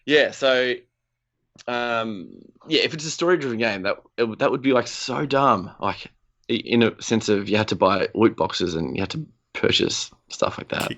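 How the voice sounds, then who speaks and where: A man's voice: medium pitch, lively intonation, moderate pace, a bit bright. A man co-hosting a gaming podcast, chatting casually and rambling with lots of "like" and "um". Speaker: podcast co-host. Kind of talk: casual chat.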